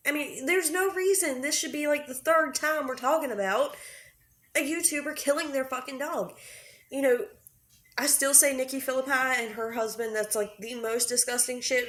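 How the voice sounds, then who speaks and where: A young adult woman hosting her own channel, ranting with anger and bluntness and swearing freely as she talks to her viewers. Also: a little high. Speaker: YouTube commentary host. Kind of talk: casual commentary rant.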